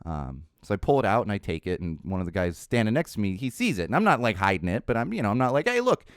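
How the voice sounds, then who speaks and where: Lively, rambling middle-aged male podcast host. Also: fairly low pitch, fast, clean tone, dry recording, studio quality. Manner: rambling storyteller, full of restarts and asides. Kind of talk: casual podcast monologue.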